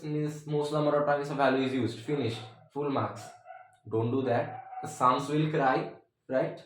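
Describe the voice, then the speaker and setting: A math teacher gives a casual tutorial, chatting away, cracking jokes and sprinkling "means" between his phrases. His voice is a little high for a man. He is recorded from a distance in a very echoey room.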